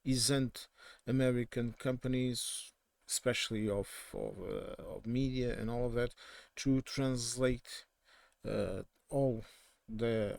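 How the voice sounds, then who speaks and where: A man's voice: mid-range voice, vocal fry, a little mellow, dry recording. A man from southern Portugal with a Portuguese accent, giving casual, opinionated political commentary in a digressive way and often correcting himself mid-sentence.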